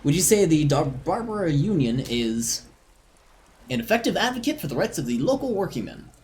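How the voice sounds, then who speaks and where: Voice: mid-range voice, big pitch swings, normal speed, a little mellow, a little hiss or hum, close to an everyday voice. A streamer reading a weary male detective. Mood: questioning. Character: weary middle-aged male police detective. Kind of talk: reading game dialogue aloud on a live stream.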